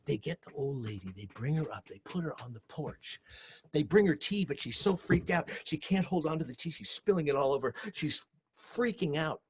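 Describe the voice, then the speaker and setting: A man with a Hawaiian Pidgin accent telling a story aloud, acting out voices and dropping to hushed whispers. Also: fairly high pitch, normal speed, slightly rough. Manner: animated, acts out voices, shifts from shouts to hushed whispers. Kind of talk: oral storytelling. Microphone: home recording for video call show.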